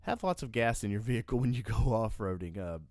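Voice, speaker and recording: A man's voice: lowish voice, big pitch swings, fast, a little mellow, slight background noise. A man hosting an off-road podcast on the road, rambling in casual, self-mocking chat. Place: on the road and on the trails.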